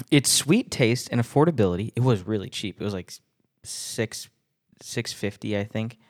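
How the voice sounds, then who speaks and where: A man hosting a casual solo podcast, rambling and self-deprecating, laughing often between thoughts. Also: medium pitch. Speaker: podcast host.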